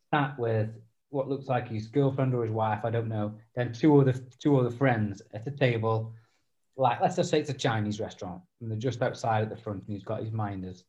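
A podcast host with a dark, mid-range voice chats casually, rambling and putting himself down. The recording has a dull lo-fi sound.

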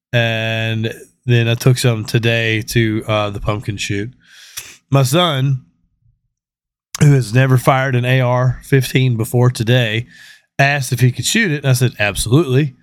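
A man hosting a casual podcast who jokes around and swears freely, his voice at a middling pitch. The sound is close and dry with no room echo. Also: steady tone, a little slow, clean tone. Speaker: podcast host. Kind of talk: casual chat.

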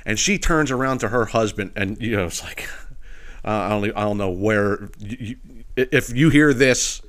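Profane, animated man ranting. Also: fairly low pitch, normal speed. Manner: profane, animated, laughs at his own stories; repeats filler phrases. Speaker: podcast host. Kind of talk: casual ranting storytelling.

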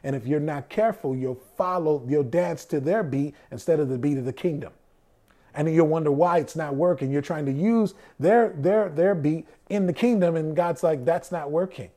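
A man's voice: on the high side, normal speed, dark tone. A man giving a conversational sermon. He often asks rhetorical questions and answers them himself, and he acts out the voices of people he quotes.

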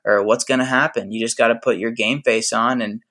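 A man's voice: mid-range voice, fairly even intonation, a little fast, pushed and bright. Laid-back man saying dude a lot. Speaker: podcast guest. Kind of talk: casual podcast chat.

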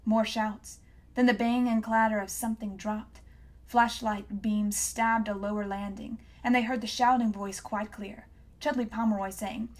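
Brief: woman audiobook narrator, calm and measured, medium pitch. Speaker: audiobook reader. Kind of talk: scripted narration.

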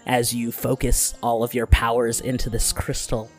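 A man narrating and running a tabletop role-playing game as game master, animated and casual, with some swearing. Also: mid-range voice, normal speed, faint music behind.

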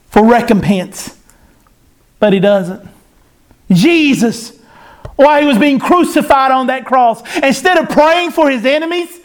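A man preaching a sermon, in an impassioned cadence that rises and falls. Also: very high voice.

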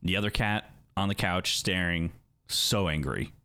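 Male co-host, lower voice, relaxed chatty banter, dry recording. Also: a little slow, smooth, no echo. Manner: laid-back, swears often, laughs a lot. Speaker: podcast co-host. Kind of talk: casual chat.

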